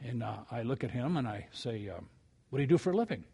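An older man preaching a sermon, telling a story with animated rises and quiet asides before reading scripture. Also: mid-range voice, quick pace, creaky, husky. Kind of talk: sermon with anecdote.

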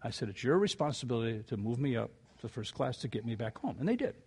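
An older man preaching a sermon, telling a story with animated rises and quiet asides before reading scripture. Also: medium pitch, fast, breathy edge. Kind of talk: sermon with anecdote.

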